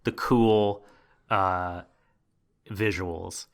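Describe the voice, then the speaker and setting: A man co-hosting an anime review podcast, explaining things in a measured way with frequent hesitations. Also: deep voice, steady tone, clear, resonant tone. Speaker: podcast co-host. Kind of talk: casual anime review chat.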